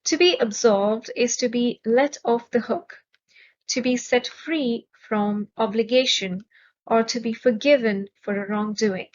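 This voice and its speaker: A woman teaching English vocabulary in a measured, clearly enunciated way, stressing each syllable. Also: fairly high pitch, muffled recording. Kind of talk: slow, careful vocabulary lesson.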